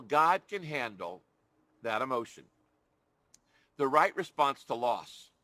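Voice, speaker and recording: A man delivers an earnest sermon, stressing his points by repeating them and voicing pleading prayers aloud. His tone is bright and forceful, sitting a little high for a man. The sound is close and dry, with no room echo. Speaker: preacher.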